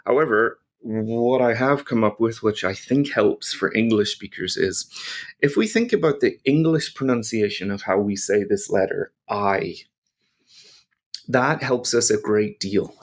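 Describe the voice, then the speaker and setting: A man's voice: on the low side, lively intonation, measured pace. A man teaching pronunciation to learners, patiently explaining and modelling each sound. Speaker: language teacher.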